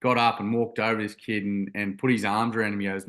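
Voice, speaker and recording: A man's voice: fairly low pitch, little pitch movement, fast talker, hardly any pauses, fairly bright tone. A young man telling a story in an interview, earnest and rambling with many ums and restarts. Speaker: guest, youth workshop founder.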